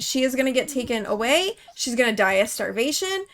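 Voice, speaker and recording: A woman's voice: fairly high pitch, big pitch swings, brisk, few pauses, a bit bright. A woman hosting her own gaming channel, giving chatty let's-play commentary and talking straight to the characters in her game.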